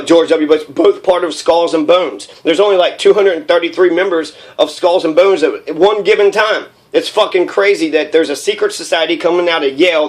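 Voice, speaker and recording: A young man delivering a heated, profane political rant, rambling with many fillers. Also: a little high.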